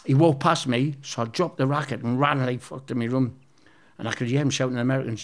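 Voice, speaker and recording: A man's voice: mid-range voice, steady tone, fast. Sweary man telling stories. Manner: swearing, rambling anecdotes with acted-out quotes. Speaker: interview guest. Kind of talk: casual storytelling.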